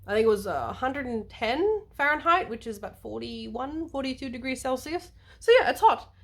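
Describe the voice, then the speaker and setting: A woman vlogging a casual monologue to camera, playful and animated, wandering into asides and acting out little quotes. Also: high-pitched, moderate pace. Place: lives in the United States.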